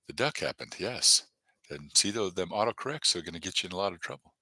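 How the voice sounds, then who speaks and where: A man with a low, bright, animated voice tells jokes and chats loosely with viewers, filling gaps with "uh" and "um". The sound is dry and close. He rambles along in an easy, casual way. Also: quick pace, no echo. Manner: rambling, jokey, many fillers. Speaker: comedy channel host. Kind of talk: casual live-stream chat.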